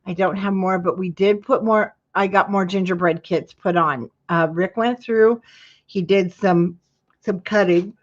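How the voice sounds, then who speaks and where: A woman's voice: medium pitch, fairly even intonation, measured pace, lo-fi sound. A woman hosting a live craft tutorial, chatting to her viewers while she works and yawning now and then. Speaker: craft class host.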